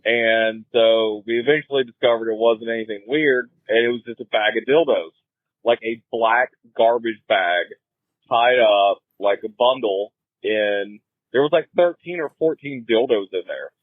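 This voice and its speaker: A man with a Southern US accent, a caller telling a laid-back, deadpan story in a voicemail. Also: medium pitch, moderate pace, no room sound. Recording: muffled voicemail recording.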